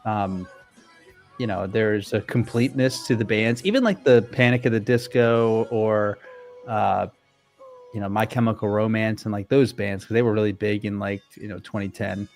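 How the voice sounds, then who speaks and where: Man, low voice, podcast co-host, agreeable, hesitant, faint music behind. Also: moderate pace, darkish tone. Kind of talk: casual podcast chat.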